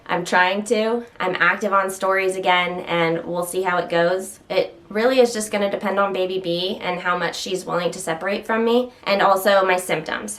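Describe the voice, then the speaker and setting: A woman's voice: mid-range voice, fairly bright tone. A woman casually chatting to the camera at home while standing, slightly out of breath, rambling and interrupting herself with occasional stutters. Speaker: health vlogger.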